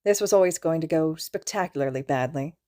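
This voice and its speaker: A woman reading a fan fiction audiobook aloud in a calm, even storytelling manner. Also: low-pitched, brisk. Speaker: podfic reader.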